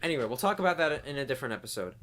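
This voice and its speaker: A man co-hosting a casual movie review chat, giggly and animated, on a close mic. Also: mid-range voice, racing, a little hiss or hum. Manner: giggly, animated, interrupts often. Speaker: podcast co-host.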